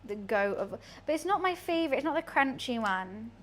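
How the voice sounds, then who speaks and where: High-voiced chatty woman streamer. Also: animated, a little fast, fairly bright tone, slight background noise. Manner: chatty, rambling asides. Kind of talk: casual live-stream chat while cooking.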